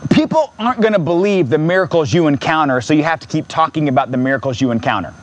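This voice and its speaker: Impassioned preaching man, slightly high voice. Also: expressive, quick pace. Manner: impassioned, rising to near-shouts, repetitive preaching cadence. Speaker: pastor. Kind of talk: sermon. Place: church.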